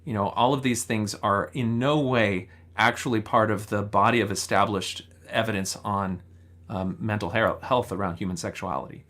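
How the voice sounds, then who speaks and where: Brief: male host, lower pitch, measured and analytical delivery, clinical vocabulary. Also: a bit bright. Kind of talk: explanatory commentary.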